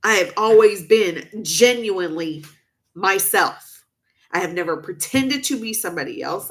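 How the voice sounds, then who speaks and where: A woman's voice: medium pitch, fairly bright tone. A woman vlogging to camera, upset and venting emotionally, stressing her points by repeating herself.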